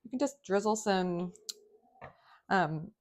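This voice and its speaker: A woman's voice: on the low side, expressive, takes it slowly. A woman hosting a live cooking demonstration from her home kitchen, chatty and enthusiastic as she talks straight to her viewers. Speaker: cooking show host.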